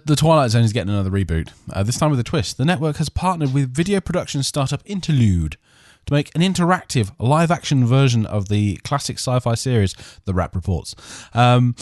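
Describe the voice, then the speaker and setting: A man's voice: mid-range voice, very animated, moderate pace, few pauses, darkish tone, dry recording, studio quality. A man hosting a podcast, rambling through casual chat with many fillers and restarts. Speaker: podcast host.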